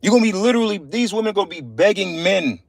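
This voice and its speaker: High-voiced man, scornful profane preacher ranting on a livestream, dry close sound. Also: animated, fast talker, vocal fry, dry recording. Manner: scornful, profane, quotes scripture.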